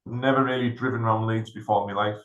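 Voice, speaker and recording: A man's voice: lowish voice, quick pace, dull audio. A middle-aged man, a veteran co-hosting a podcast, telling a story in a casual chat and acting out the other people in it. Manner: animated anecdote-telling, acts out other people's lines. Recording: roomy echo.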